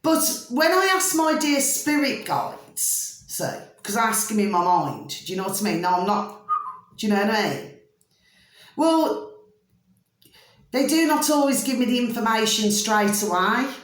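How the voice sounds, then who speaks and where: In a spiritual vlog, a middle-aged woman chats in a homely, meandering style, sprinkling in mild slang like "flipping" and "blooming." Her voice is fairly high and very animated, delivered at a measured pace in a very echoey room.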